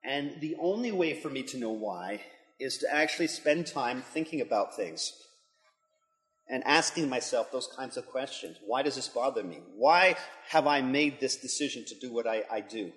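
A man's voice: mid-range voice, animated, moderate pace, a bit bright. A middle-aged man, a pastor and school leader, giving an earnest devotional talk that builds to emphatic intensity. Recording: long hall reverb.

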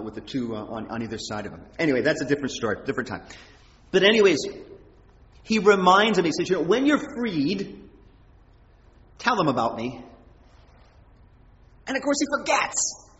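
Man preaching in an echoey hall. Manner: conversational, animated, rises in pitch for quoted prayers. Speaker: pastor. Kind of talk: sermon. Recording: echoey hall, dull sound.

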